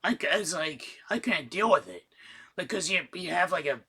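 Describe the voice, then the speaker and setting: A man's voice: on the high side, moderate pace, husky. A man casually reviewing the games he finished, swearing freely and getting worked up in rants. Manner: casual, profane, excitable rants. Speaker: gaming YouTuber. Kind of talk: casual game roundup.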